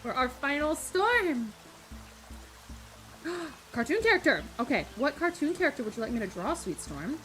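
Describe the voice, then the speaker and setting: A young Australian woman streaming live, chatting casually with viewers and reading aloud, giggly and animated. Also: high voice, moderate pace, faint music behind, low-quality recording.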